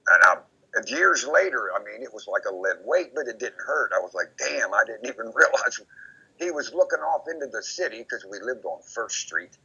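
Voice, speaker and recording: A man with a low, gravelly and raspy voice talks in a rambling, repetitive way, now and then slipping into other people's voices as he quotes them. His tone has a hard, bright edge. The recording is dull and lo-fi, like an old conversation tape. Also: very animated, normal speed. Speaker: interview guest recounting memories.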